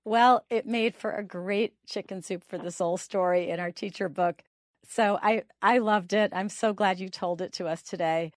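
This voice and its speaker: A woman's voice: mid-range voice, moderate pace, no echo, studio quality. A woman hosting a podcast, introducing a guest's story and closing the show with upbeat promotional delivery. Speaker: podcast host. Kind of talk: podcast interview.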